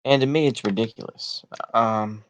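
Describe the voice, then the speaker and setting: A man's voice: medium pitch, fairly even intonation, moderate pace. A man with a Texan accent giving a casual political monologue, blunt and sarcastic, rambling with lots of fillers and repeated "like I say.". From United States. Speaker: political commentary vlogger.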